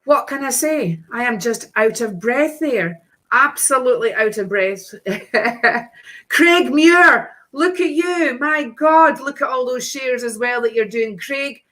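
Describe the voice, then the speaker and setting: A woman's voice: on the high side, a bit bright. A woman hosting a live stream, reading tarot cards for viewers in a chatty, breezy way with endearments and exclamations.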